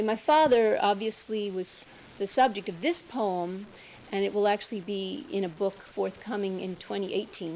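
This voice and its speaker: An older woman reading her own poems at a bookstore, slow and measured, with chatty asides between poems. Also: medium pitch, gravelly, a little mellow, a little hiss or hum, poor audio.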